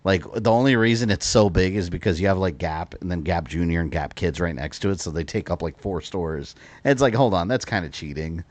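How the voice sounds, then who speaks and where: American man, very low voice, rambling live game commentary, casual chatty tangents. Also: a little fast, hardly any pauses, no room sound. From Florida, USA. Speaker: streamer.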